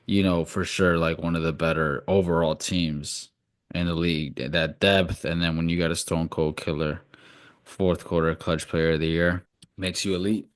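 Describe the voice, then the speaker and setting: A man's voice: sits low, flat delivery, normal speed, clean tone. A young man co-hosting a casual sports podcast, talking bluntly and swearing freely. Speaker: podcast co-host.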